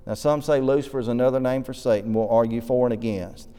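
A man preaching a sermon in a church, teaching quickly through Bible passages and reading scripture aloud. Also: medium pitch, fairly even intonation, mellow, smooth. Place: church auditorium. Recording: long reverb of a church hall.

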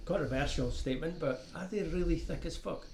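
A man with a Scottish accent hosting a casual chat, chipping in with quick, chatty remarks. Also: a little high, background noise.

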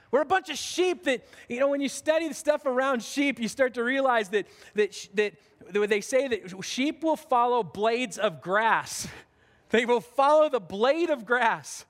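High-voiced man preaching in a reverberant hall. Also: fairly bright tone. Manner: earnest, conversational preaching with frequent restarts. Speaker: pastor. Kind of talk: sermon.

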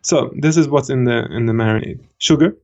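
A man in his thirties, co-hosting a podcast, telling a story in a casual, animated way with laughter. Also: mid-range voice, fairly quick, highs cut off. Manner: animated, laughing, acts out quoted voices. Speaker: podcast co-host.

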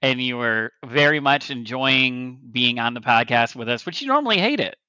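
A man's voice: medium pitch, lively intonation, normal speed, bright, forceful tone, clean tone, no room sound. A man co-hosting a casual podcast, loose and chatty, swearing casually. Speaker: podcast co-host. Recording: dull lo-fi mic.

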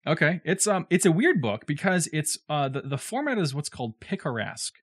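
A man's voice: a little high, sing-song, a little fast, a bit bright, no echo, studio quality. A man from the southern United States co-hosting a podcast, explaining a classic novel in casual, digressive chat with joking asides.

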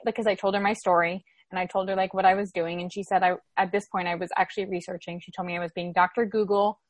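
This Floridian woman in her twenties, a podcast guest, gives an animated retelling of a personal story in casual conversation, sprinkled with many "like" fillers. Her mid-range voice is fast with few pauses, and there's no echo.

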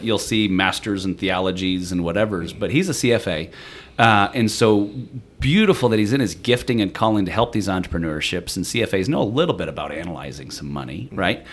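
A man in his forties, a podcast guest, telling stories in a chatty, animated way with frequent restarts. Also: on the low side. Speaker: interview guest. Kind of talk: casual conversation.

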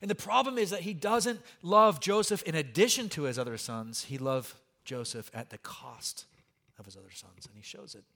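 A man preaches as a pastor, talking through his sermon in an animated, conversational way. His voice sits somewhat high for a man. He drops in light jokes and asides to the congregation. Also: normal speed, creaky.

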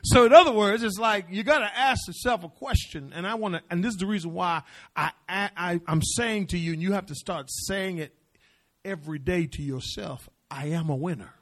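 A middle-aged male pastor preaching a sermon, repeating phrases and swinging from hushed asides to shouted declarations. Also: high-pitched, a little fast.

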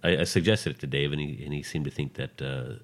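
Male co-host, extremely low voice, relaxed, casual chat. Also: fast. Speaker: podcast co-host.

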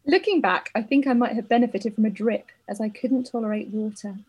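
Husky woman reading a letter. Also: a little high, fairly quick, darkish tone, rough recording. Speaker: podcast co-host. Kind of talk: casual chat, reading a listener letter.

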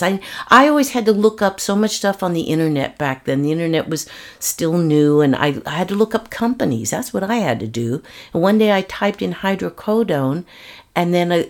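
An older woman with a notably low voice recounts her own story in an interview. She speaks earnestly and haltingly, stumbling and restarting as she goes.

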